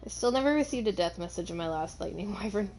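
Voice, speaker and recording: A woman streaming a dinosaur survival game, chatting excitedly and talking to her viewers. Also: mid-range voice, fast talker, vocal fry, soft background music. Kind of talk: casual gameplay chat.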